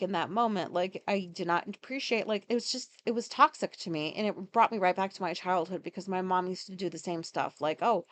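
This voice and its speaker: A woman hosting a podcast, talking through her day in a rambling, casual monologue full of fillers and swearing. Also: medium pitch. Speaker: podcast host.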